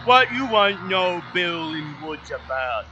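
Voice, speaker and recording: A man voicing a slow male woodsman guide who talks in short, broken sentences and stops on "uh" between them. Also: high-pitched, big pitch swings, over music, pitched above the performer's own voice, heavily acted. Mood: simple. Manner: broken, halting speech full of "uh"s.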